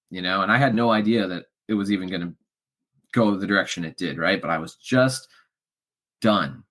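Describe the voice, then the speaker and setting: A middle-aged man, a podcast guest, telling a candid personal story in an emotional way that drops to quiet murmurs and rises to loud outbursts. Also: moderate pace. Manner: emotional, swings from low murmurs to loud shouts.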